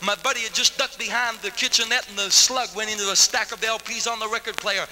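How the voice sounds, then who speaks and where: A man with a high, very bright, cutting voice tells his testimony as a dramatic sermon. He delivers his story with vivid street slang, and his voice rings out through a long hall reverb with faint noise behind it. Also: steady tone, brisk. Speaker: evangelist giving his testimony.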